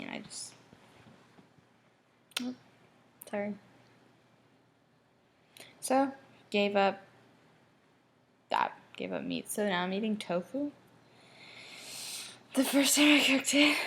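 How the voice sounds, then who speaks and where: A woman's voice: mid-range voice, gravelly, low-quality recording. A young woman from Michigan talking in a personal video diary, emotional and rambling, often restarting her sentences. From Michigan, USA. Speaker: vlogger.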